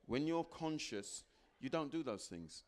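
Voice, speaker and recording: A man giving a motivational talk to a live audience, repeating phrases for emphasis and acting out little exchanges with sudden jumps into a high voice. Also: measured pace. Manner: animated, acts out little dialogues with sudden high jumps in pitch. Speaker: guest speaker.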